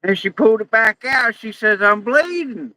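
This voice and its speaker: A man telling a long joke in an earnest, deadpan drawl. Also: high-pitched, moderate pace, dry recording, low-quality recording.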